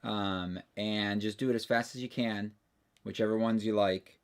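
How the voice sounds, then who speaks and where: Low-voiced man hosting a livestream. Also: steady tone, clean tone. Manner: loose, halting, restarts often. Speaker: livestream host. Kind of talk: casual chat.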